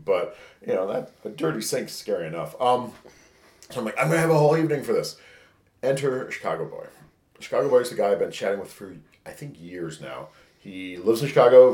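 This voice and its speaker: A man's voice: lowish voice, brisk, darkish tone. A man co-hosting a podcast who tells a candid, rambling story and acts out the texts he quotes. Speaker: podcast co-host. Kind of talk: casual storytelling. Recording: echoey room.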